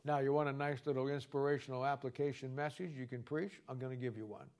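A man's voice: medium pitch, steady tone, fast, a little mellow. Combative preacher man, mocking and rambling. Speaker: Bible teacher. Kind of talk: Bible study sermon. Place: church or studio with a wall sign.

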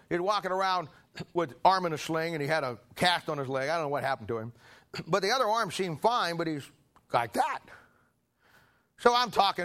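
An older man preaching a sermon, telling folksy stories and clearing his throat often. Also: fairly high pitch, a bit bright. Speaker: pastor. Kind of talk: sermon with personal anecdotes.

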